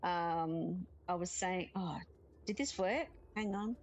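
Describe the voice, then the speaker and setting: A woman's voice: on the low side, slow, poor audio. Chatty woman streaming a game. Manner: chatty, giggly, reads game text aloud. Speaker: gaming streamer. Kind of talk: casual let's-play chat.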